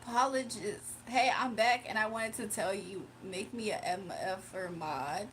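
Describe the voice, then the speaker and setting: A woman's voice: mid-range voice, unhurried, fairly bright tone, a little hiss or hum. A woman hosting a casual live stream, reading chat comments aloud and laughing often. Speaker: livestream host.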